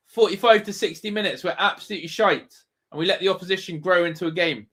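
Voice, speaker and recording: High-voiced ranting football fan. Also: male voice, lively intonation, a little fast, a bit bright. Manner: ranting, exasperated, swearing. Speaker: fan channel host. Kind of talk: live football watch-along commentary.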